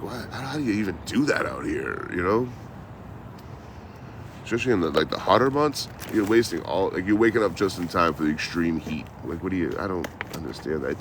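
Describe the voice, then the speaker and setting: A man's voice: a bass voice, vocal fry, background noise. A man chatting on a casual outdoor livestream, telling road stories in a profane, rambling, laid-back way. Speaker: traveling live streamer.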